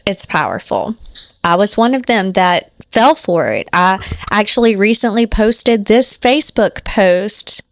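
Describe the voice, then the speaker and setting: A woman's voice: mid-range voice, no echo, studio quality. A woman host giving earnest, reflective commentary on faith and fame. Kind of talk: commentary narration.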